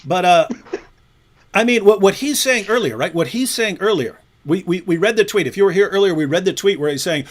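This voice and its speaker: Guy with a high voice mocking and taunting on his stream, keeps laughing. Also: lively intonation, fairly quick. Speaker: livestream host. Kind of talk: provocative livestream rant.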